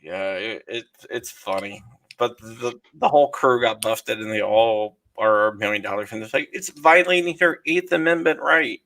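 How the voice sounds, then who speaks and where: A man's voice: fairly low pitch, normal speed, sharp tone. A man as a guest in a casual political chat, hesitant and trailing off, laughing along.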